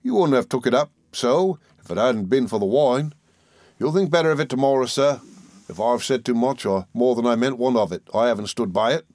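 A man's voice: medium pitch, a little fast, darkish tone, no room sound, studio quality, natural voice. A man reading an audiobook, voicing a sly young male clerk who is sulky, wheedling and falsely humble. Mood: fawning.

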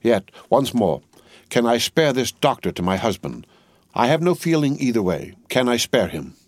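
A man reading the part of a stern, ruthless middle-aged female revolutionary, speaking in a cold, commanding, deliberate way. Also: mid-range voice, sing-song, dry recording, pitched above the performer's own voice, close to an everyday voice.

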